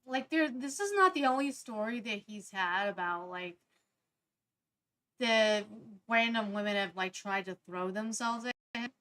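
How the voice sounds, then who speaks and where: A woman's voice: medium pitch, lively intonation, unhurried, fairly bright tone. Skeptical woman co-host. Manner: skeptical, challenging. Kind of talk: casual talk-show chat.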